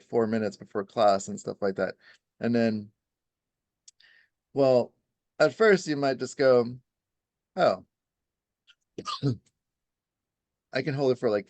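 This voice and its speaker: A man's voice: lowish voice, darkish tone, dry recording. A man who practises Ayurveda, explaining in a rambling, casual way, full of "you know" and "right?" and little acted-out quotes.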